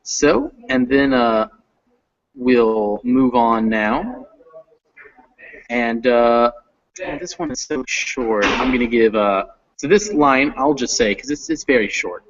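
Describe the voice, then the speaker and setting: A man's voice: medium pitch, slow. A man tutoring English pronunciation online, explaining patiently step by step. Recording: muffled lo-fi audio.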